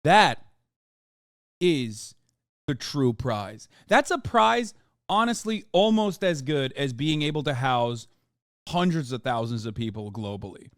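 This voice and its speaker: A man's voice: mid-range voice, expressive, takes it slowly, no room sound, studio quality. A man streaming, reacting to videos with blunt, profane casual commentary and mocking asides to his chat.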